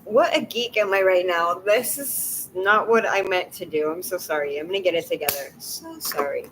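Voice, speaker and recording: A woman talking tearfully to her live-stream chat, halting and apologetic, catching her breath. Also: fairly low pitch, noisy background.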